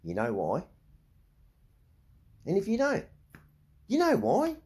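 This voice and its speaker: This time the Australian vlogger's voice sits high and swoops wildly in pitch, slow and a little mellow. Middle-aged and angry, he rants bluntly with profanity, constantly asking "right?"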